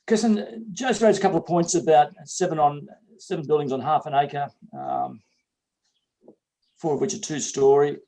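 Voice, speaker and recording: Mayor chairing a meeting, slightly high. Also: male voice, moderate pace, warm tone, rough recording. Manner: polite, hesitant, many fillers.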